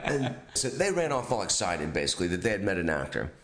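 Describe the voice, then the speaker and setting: A man tells a funny story in a relaxed podcast chat. His voice sits fairly low, and he jumps up in pitch whenever he acts out what someone said. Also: fast, a crowd in the background. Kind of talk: casual anecdote.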